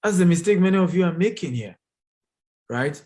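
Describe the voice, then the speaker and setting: A man's voice: a little high, lively intonation, a little fast, darkish tone. A man hosting a live investment training, talking straight to his viewers, emphatic and repetitive as he answers their comments.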